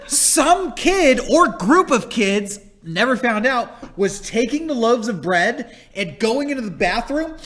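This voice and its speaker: A man's voice: very high-pitched, very animated, takes it slowly, hardly any pauses, a bit bright. A man co-hosting a podcast, casually telling a story and swearing freely. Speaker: podcast co-host. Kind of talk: casual chat.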